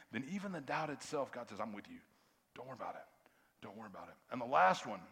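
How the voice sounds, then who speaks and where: A middle-aged man, a pastor giving a conversational sermon that swings between hushed quiet and loud emphasis. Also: mid-range voice. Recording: long reverb of a large hall.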